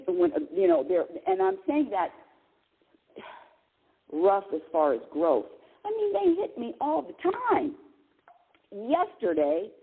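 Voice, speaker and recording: Animated woman in her sixties, phone-line sound. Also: mid-range voice, vocal fry, breathy edge. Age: 60s. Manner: animated storytelling with laughs and exclamations. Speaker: radio show host. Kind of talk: casual spiritual talk radio monologue.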